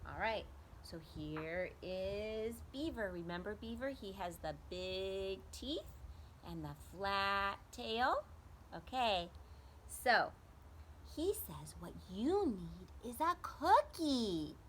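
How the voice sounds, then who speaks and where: With a mid-range voice at a slow pace and slight background noise, this young woman, a preschool teacher, reads a story aloud to kids. She stays animated throughout and questions the children as she goes.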